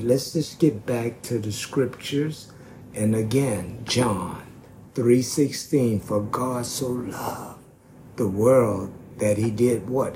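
A man preaching a sermon slowly and emphatically, stretching out key words. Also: mid-range voice, mellow, a little hiss or hum.

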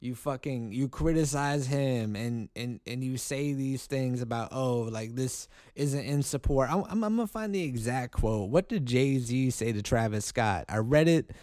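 A man hosts his own podcast and rants in a heated, profane way, often stopping and restarting his sentences. His voice is mellow and dark. The sound is close and dry, with no room around it. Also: medium pitch, expressive, moderate pace, few pauses, no echo. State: angry. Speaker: podcast host. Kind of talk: solo podcast commentary.

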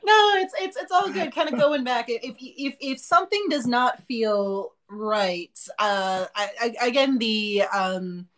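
A woman's voice: fairly high pitch, animated, slow pace, hardly any pauses, a bit bright. A woman co-hosting a casual podcast chat, speaking candidly and bluntly, with many fillers and restarts. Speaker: podcast co-host.

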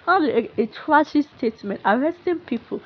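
A young woman with a Nigerian accent, speaking in a frustrated, halting monologue full of restarts and sighs. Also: high voice, expressive, highs cut off. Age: young adult. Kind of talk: emotional unscripted monologue.

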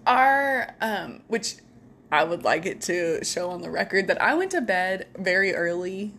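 A young woman telling animated, laughing stories in a casual podcast chat. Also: medium pitch, measured pace, a little hiss or hum. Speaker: podcast co-host.

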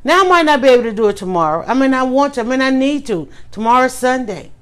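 Animated woman ranting in a vlog. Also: high voice, quick pace. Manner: animated, emphatic, ranting with rising outbursts. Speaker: blogger. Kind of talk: casual monologue vlog.

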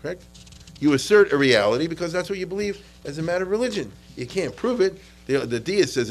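A man's voice: a little high, big pitch swings, quick pace, rough recording. A man giving an informal history lecture, conversational and often checking in with listeners, mixing in Yiddish and Hebrew terms.

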